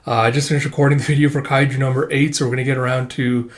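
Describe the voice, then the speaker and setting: Casual male manga channel host, rambling reader, loose delivery, middling pitch. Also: flat delivery, very fast. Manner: rambling with frequent "uh" and "like". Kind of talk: casual read-through and commentary.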